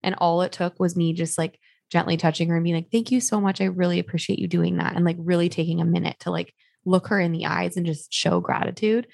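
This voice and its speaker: A woman's voice: on the low side, flat delivery, quick pace, creaky, a little mellow, dry recording, clean studio sound. A young adult woman co-hosting a podcast, chatting casually and telling stories, full of little fillers. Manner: chatty, storytelling with many likes. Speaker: podcast co-host. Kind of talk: casual chat.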